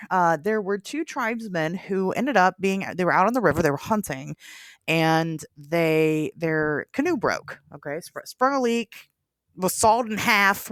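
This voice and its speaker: A woman with a lowish voice hosting a podcast, telling a folktale in relaxed, chatty storytelling. She laughs easily between lines, and her voice sounds close and dry with no room echo. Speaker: podcast host. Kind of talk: casual chat and folktale storytelling.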